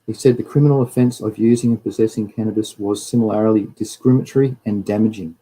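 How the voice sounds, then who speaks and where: Ranting Australian man, mellow voice. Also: fairly low pitch, fast talker, few pauses, husky, poor audio. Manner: animated, ranting, reads news and chat aloud. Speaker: live-stream host. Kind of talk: casual live-stream commentary.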